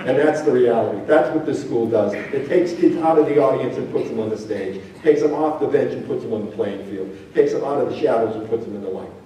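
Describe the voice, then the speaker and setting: An older man who used to be a teacher gives a storytelling talk to parents in a large hall with an audience, often dropping low and quiet to act out people's words for emphasis. He talks a little fast with few pauses. The hall is very echoey, his voice comes from far off, and there is a slight hiss or hum.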